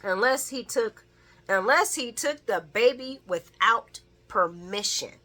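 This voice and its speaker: Bright-voiced, sassy woman recapping a soap. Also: fairly high pitch, expressive, takes it slowly. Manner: chatty and sassy, breaks into laughter; talks back to the characters with slangy asides. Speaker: soap opera recap vlogger. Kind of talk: casual spoken recap.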